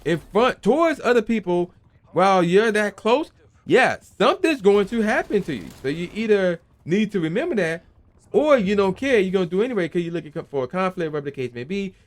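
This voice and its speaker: A young man with a high voice, talking a little fast, hosts a gaming commentary channel. In an animated, emphatic opinion rant full of casual slang, he sometimes acts out the people he quotes.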